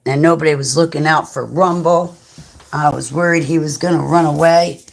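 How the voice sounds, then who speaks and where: A woman with a deep, creaky voice and a steady tone hosts a livestream at a moderate pace. She talks casually and bluntly to her viewers, rambling from topic to topic and chuckling often.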